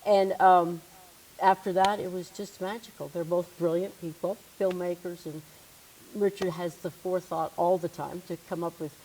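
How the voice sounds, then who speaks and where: A woman's voice: on the low side, fairly even intonation, moderate pace, darkish tone, slight background noise, poor audio. A middle-aged woman, a studio partner, speaking candidly and with self-deprecating humor in a casual conversation. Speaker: studio partner, Air Force veteran.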